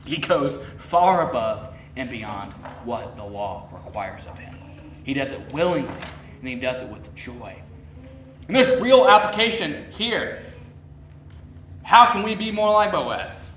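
A man delivers a sermon in an easy, conversational manner, driving home his points with emphatic questions. His voice sits a little high for a man. It is picked up from some distance off the mic in a roomy, echoing church with a faint hum of ambience behind him. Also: fairly bright tone. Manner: conversational preaching, rising emphatic questions, acts out quoted speech. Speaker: preacher.

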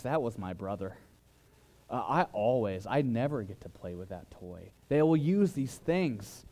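A man preaching a sermon, who swings between loud, emphatic lines and quiet, dropped asides. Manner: dramatic shifts in loudness, mimics flatterers in higher voice. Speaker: pastor.

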